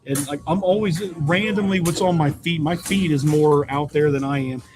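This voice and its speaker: A man's voice: fairly high pitch, normal speed, background noise. A man chatting casually and enthusiastically about wrestling, rambling a little as he talks. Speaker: wrestling fan guest. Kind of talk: casual chat. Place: busy pizzeria. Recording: crowd chatter behind.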